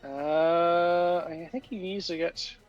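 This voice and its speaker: A man's voice: a little high, fairly even intonation, takes it slowly, dull audio, soft background music. A man playing a tabletop game, hesitantly describing what his character does. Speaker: player. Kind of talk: casual tabletop play.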